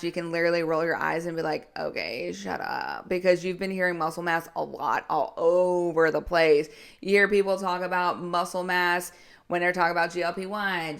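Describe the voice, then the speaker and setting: A woman's voice: lowish voice, fairly bright tone, clear, resonant tone. Chatty, laughing young woman coach. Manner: chatty and candid, laughs often, self-deprecating asides. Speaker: health and weight loss coach, podcast host. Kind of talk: casual solo podcast monologue.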